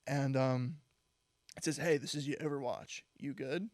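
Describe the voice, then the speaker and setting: A man's voice: mid-range voice, fairly even intonation, moderate pace, a little mellow, no room sound. A young man co-hosting a podcast, chatting casually and rambling through stories with lots of "like" and laughter. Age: young adult. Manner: rambling storytelling with frequent "like" and laughs. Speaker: podcast co-host. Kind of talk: casual chat.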